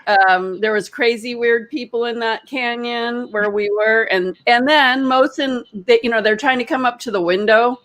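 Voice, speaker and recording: A woman, a retreat leader, telling a story in casual chat with animated, laughing delivery. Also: normal speed, hardly any pauses. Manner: animated, laughing, quoting others in high voices. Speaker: energy healer and retreat leader.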